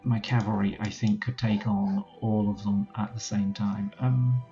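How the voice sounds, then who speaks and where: A man's voice: on the low side, level tone, unhurried, dark tone, highs cut off, soft background music. A man commentating a strategy game let's play, thinking aloud as he gives orders to his units. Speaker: gaming channel host.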